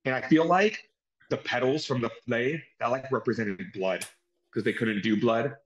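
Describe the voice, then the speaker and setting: A man's voice: mid-range voice, normal speed, low-quality recording. A man hosting a casual wrestling review show, retelling the action play by play with energy. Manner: animated play-by-play retelling with acted-out quotes. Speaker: podcast host reviewing wrestling. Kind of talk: casual recap chat.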